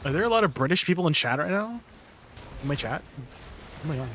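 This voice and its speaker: A man live-streaming, chatting casually with his viewers, playful and quick to laugh. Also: a little high, expressive, a bit bright, slight background noise. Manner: playful, laughs often, talks to chat.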